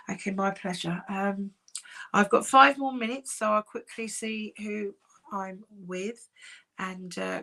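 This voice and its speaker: A woman working as a psychic medium, giving live-streamed readings in a soft, reassuring, chatty way with many pauses. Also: mid-range voice, gravelly. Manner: soft, reassuring, calls sitters "my darling".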